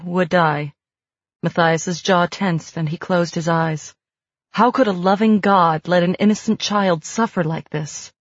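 A woman reading a novel aloud with a measured, even delivery. Her voice sits on the low side, and the recording is dry and slightly dull, without any room sound. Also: no room sound. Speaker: audiobook narrator. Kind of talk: scripted narration.

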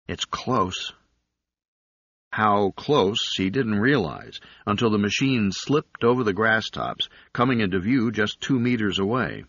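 Slow, husky male audiobook narrator. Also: lowish voice, expressive, a bit bright, no echo. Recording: dull, dry lo-fi recording.

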